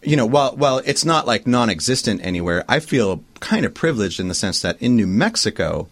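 A man's voice: medium pitch, fairly quick. A man hosting a radio morning show, chatting casually and riffing with lots of filler words. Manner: animated, riffs with filler words and mock voices.

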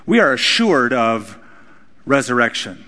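A man's voice: medium pitch, very animated, unhurried, sharp tone. A man preaching a sermon, his voice rising and dropping for emphasis. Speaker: pastor. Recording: hall reverb.

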